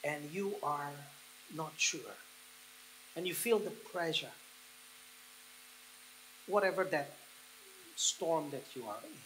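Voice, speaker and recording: Leading his congregation through a guided picture, a male preacher alternates gentle, slow pauses with rising bursts of excitement. He sits on the higher side, and the low-quality recording carries a little hiss or hum.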